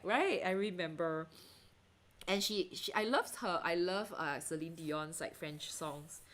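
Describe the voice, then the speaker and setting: A woman from Singapore, probably in her thirties, chatting casually with livestream viewers as she paints, laughing often and trailing off into fillers. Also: medium pitch. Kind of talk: casual chat while painting, reading viewer comments.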